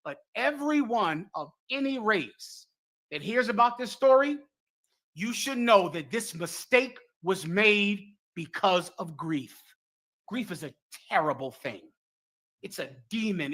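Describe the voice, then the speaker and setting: A man's voice: sits high, expressive, slow, a bit bright. A man speaking in a sermon-like way, using biblical phrasing. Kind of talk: sermon-like commentary.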